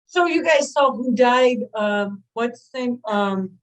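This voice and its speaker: Easygoing woman chatting on zoom, kinda high voice. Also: animated, takes it slowly, a crowd in the background, low-quality recording. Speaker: podcast co-host. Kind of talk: casual group chat. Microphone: video call.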